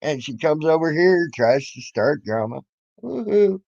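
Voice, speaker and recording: In a dull lo-fi clip with no room sound, a man with a mid-range, darkish voice talks at normal speed. He's a YouTube commentator ranting angrily at others, mocking, confrontational and freely profane.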